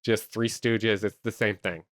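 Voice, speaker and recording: A man hosting a comedy podcast, telling an improvised movie pitch with lots of energy and silly voices. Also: unhurried, no room sound, studio quality. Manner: animated storytelling with silly voices.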